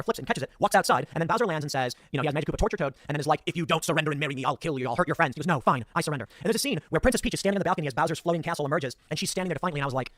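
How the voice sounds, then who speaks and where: A man's voice: on the high side, a bit bright, no room sound, clean studio sound. A man recapping a movie's plot in a critical, opinionated commentary video.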